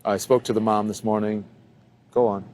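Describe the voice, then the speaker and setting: A man's voice: fairly low pitch, flat delivery, moderate pace, a little mellow, a little hiss or hum. A man commenting on a cable news panel, conversational and hesitant, with many fillers.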